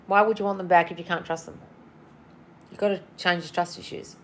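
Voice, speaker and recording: A woman's voice: on the low side, steady tone, brisk, a little hiss or hum. A tired woman coach answering listener questions in a casual livestream, blunt and swearing, calling everyone darling. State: tired and yawning. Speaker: manifestation coach.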